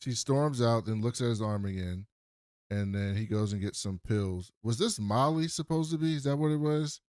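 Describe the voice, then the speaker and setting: A man co-hosting a podcast, retelling a TV episode in an animated way and acting out the quotes loudly. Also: medium pitch, normal speed, clear, resonant tone, no echo, clean studio sound. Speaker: podcast co-host. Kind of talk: casual TV recap chat.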